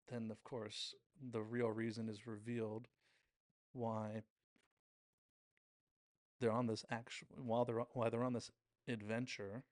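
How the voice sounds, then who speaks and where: A man hosting a show, casually recapping a TV episode scene by scene and quoting the characters in quick impressions. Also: on the low side, a little mellow, no room sound. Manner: retells scenes with quick quoted impressions, self-correcting. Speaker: podcast host reviewing a TV episode.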